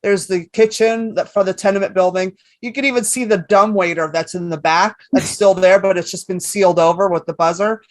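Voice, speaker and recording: A woman in her fifties, a comedian guest on a podcast, telling stories in a lively way and swearing freely. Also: mid-range voice, fairly quick, hardly any pauses, dry recording. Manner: animated storyteller, swears freely. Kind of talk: casual podcast chat.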